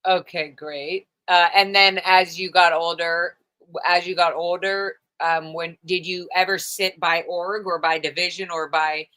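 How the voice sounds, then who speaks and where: A woman's voice: on the low side, steady tone, measured pace, bright, forceful tone. A woman hosting a casual chat, asking curious questions in a chatty way and swearing now and then. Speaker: podcast host.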